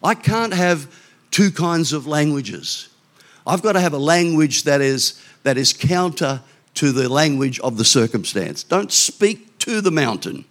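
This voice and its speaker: An older man, a pastor preaching a sermon in a chatty, conversational way with quick asides and restarts. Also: fairly high pitch, animated.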